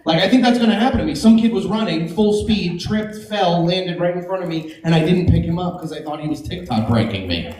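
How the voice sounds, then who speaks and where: A woman's voice: lowish voice, lively intonation, brisk, hardly any pauses, darkish tone, slight background noise. A brash woman tears through a stand-up set, swearing freely and cracking up at her own punchlines. Her voice carries around a roomy club space. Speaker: stand-up comedian. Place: comedy club stage.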